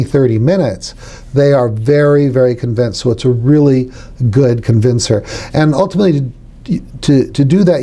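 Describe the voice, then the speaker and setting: A man's voice: mid-range voice, mellow. A middle-aged man, a hypnotherapy trainer, explaining techniques in an instructional podcast chat and acting out suggestions aloud.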